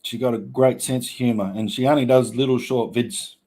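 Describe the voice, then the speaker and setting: A middle-aged Australian man yarns away on a casual live stream, reading out the chat. He talks in a relaxed, blokey drawl at an everyday pitch and laughs easily between his lines. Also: brisk. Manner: laid-back, laughs often, blokey slang. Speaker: livestream host reading chat.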